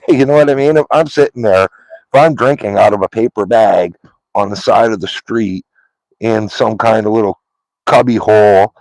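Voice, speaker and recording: Very deep-voiced man rambling on a live stream. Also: normal speed, darkish tone, dry recording, rough recording. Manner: rambling, loose and chatty, lots of "like" and "um". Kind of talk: casual live-stream chat.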